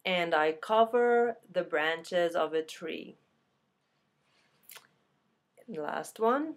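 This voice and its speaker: Slow, low-voiced woman teacher for a beginner lesson. Repeats every word twice, relaxed and chatty. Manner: casual, self-correcting. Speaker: Arabic teacher.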